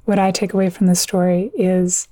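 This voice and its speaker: Woman author retelling an old myth in chat, mellow tone, dry close sound. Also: fairly low pitch, little pitch movement, no echo. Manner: earnest, vivid retelling with quick asides. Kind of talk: conversational storytelling.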